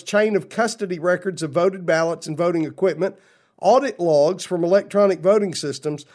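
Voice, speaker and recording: A blunt, opinionated man hosts a political talk radio show. His voice sits fairly high for a man, and he mixes read-out quotes with pointed asides. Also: a little mellow.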